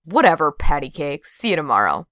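A woman reading an audiobook voices a gruff, unsentimental young woman who talks bluntly. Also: low voice, sing-song, a little fast, a bit bright, no room sound, studio quality. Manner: blunt, curt.

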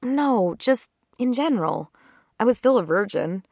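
A nervous young woman opens up in a soft, halting, confessional way, as a woman reads her lines aloud. The voice sits a little higher than the surrounding narration and stays hesitant throughout. The sound is close and dry, with no room around it. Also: animated, dry recording. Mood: confiding. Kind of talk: story reading with character voices.

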